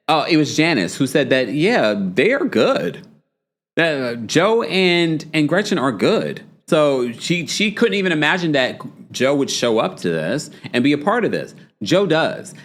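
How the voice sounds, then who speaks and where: A young man hosting a casual recap of reality TV, chatty and opinionated. His pitch swoops up and down, reaching high for the lines he acts out. His voice sits in a middle register for a man. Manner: animated and gossipy, with exaggerated quoted voices. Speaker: podcast host recapping reality TV.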